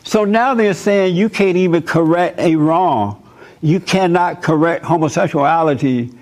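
An emphatic man talking to a room full of listeners in a fairly high voice. He preaches and jokes in turns and acts out the people in his stories. His delivery is lively and direct. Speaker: host speaking to a live group. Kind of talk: animated preaching talk with anecdotes.

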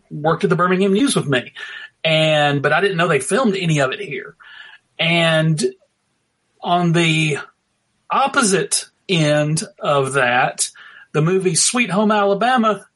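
A man co-hosting a casual chat, talking hesitantly with many pauses. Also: sits high, fairly bright tone.

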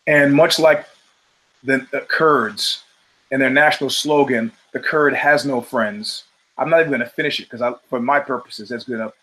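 A man's voice: mid-range voice, moderate pace, bright, forceful tone, low-quality recording. A middle-aged man hosting his own show, telling stories in a casual, profane monologue and acting out the voices of people he quotes. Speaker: show host.

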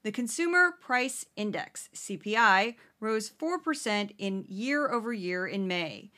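A woman's voice: medium pitch, lively intonation, unhurried, pushed and bright. A woman hosting a podcast, giving sarcastic, exasperated satirical news commentary. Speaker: podcast host.

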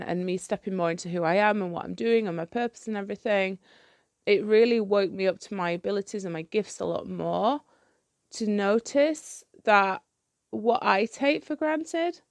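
A woman's voice: medium pitch, normal speed, a little mellow, dry recording. A woman hosting her own podcast, talking candidly and rambling with plenty of fillers and restarts. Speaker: podcast host. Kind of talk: candid solo podcast chat.

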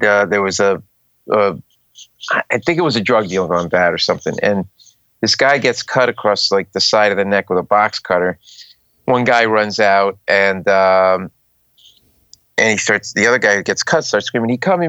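In a laid-back storytelling interview, a middle-aged Rhode Island comedian plays guest, bringing his stories to life by voicing their characters with lots of animation. His voice is on the low side and clean-toned with no room sound, though the podcast audio comes across dull and a bit muffled.

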